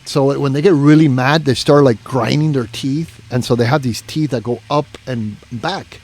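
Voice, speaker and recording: A man's voice: medium pitch, normal speed, a little mellow. A man telling a long story in a casual podcast chat, rambling, swearing and restarting his sentences. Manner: rambling, profane, full of "you know" and restarts.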